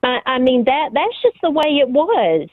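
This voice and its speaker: A woman phones in to a radio show, chatting in a rambling, nostalgic way. Her voice is high and sounds thin and tinny over the phone line, dry with no room around it. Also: big pitch swings, moderate pace, dry recording. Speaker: caller. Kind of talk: phone-in call.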